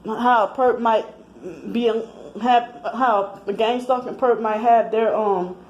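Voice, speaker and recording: A woman's voice: a little high, steady tone, slow pace, darkish tone, dull audio, a little hiss or hum. A woman in her thirties talking in a rambling personal monologue, slightly out of breath, with many restarts and fillers. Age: 30s. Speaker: vlogger.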